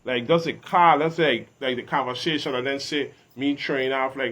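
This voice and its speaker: A man's voice: medium pitch, normal speed, fairly bright tone, slightly rough. A man who talks with emphatic street swagger in a laid-back interview. His voice sits in an ordinary middle range for a man. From Virgin Islands. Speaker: guest artist. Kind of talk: casual interview chat.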